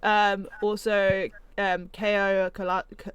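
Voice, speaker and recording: A woman's voice: mid-range voice, flat delivery, takes it slowly, clean tone, no room sound. Chatty woman podcast host, dry sound. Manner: chatty, stumbles over names and laughs at herself. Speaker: podcast co-host running the quiz. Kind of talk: casual chat.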